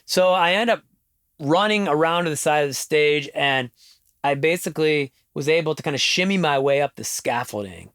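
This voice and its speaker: A middle-aged man, a musician guest in an interview, telling stories in an animated way and laughing now and then. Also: on the high side, moderate pace, no room sound, clean studio sound. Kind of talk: casual interview storytelling.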